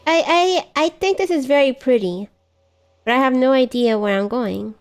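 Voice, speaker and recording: This woman's voice is high-pitched and animated at a normal speed. She's casually chatting through a live gameplay stream, full of exclamations and self-mockery as she loses her way.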